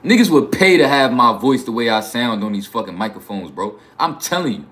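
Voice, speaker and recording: Expressive and fairly quick, a mid-range, fairly bright male voice carries a New York accent. The young YouTuber chats boastfully with his livestream audience, leaning hard on slang and profanity.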